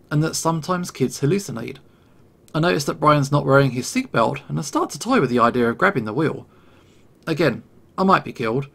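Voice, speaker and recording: Male narrator, first-person story, tense and measured, mid-pitched, gravelly. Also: a bit bright.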